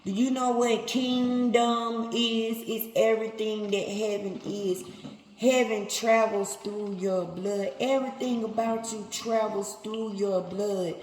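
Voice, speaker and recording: Slow-preaching woman in an echoey hall. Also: medium pitch, fairly even intonation, a little mellow, a little hiss or hum. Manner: emphatic, repetitive, talks to listeners directly. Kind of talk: sermon. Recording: echoey hall, faint ambience.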